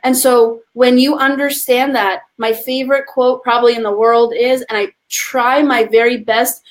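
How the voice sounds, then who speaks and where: A woman's voice: on the high side, steady tone, moderate pace. A woman speaking as a podcast guest, a coach who talks with passion and emphasis and addresses listeners as friends. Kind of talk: conversational podcast interview.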